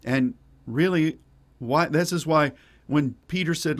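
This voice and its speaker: Slow-speaking male pastor preaching. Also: on the high side. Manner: folksy, digressive, with wry asides. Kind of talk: sermon.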